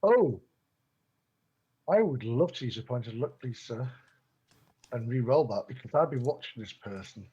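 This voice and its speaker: A man's voice: medium pitch, lively intonation, normal speed, long pauses, mellow, slightly rough. A man playing a tabletop game, chatting casually and stumbling over repeated words. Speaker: player. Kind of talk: casual chat. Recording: dull lo-fi mic.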